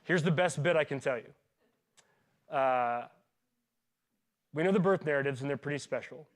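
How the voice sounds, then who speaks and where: A pastor in his forties preaching a sermon in a relaxed, conversational way. He jokes and asks the congregation questions. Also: on the high side, measured pace. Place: church.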